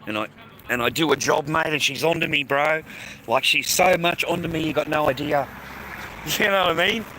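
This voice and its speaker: A man's voice: on the high side, moderate pace, pushed and bright, slight background noise, rough recording. An Australian man rambling casually to his viewers, swearing freely and full of slang. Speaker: livestreamer chatting with viewers.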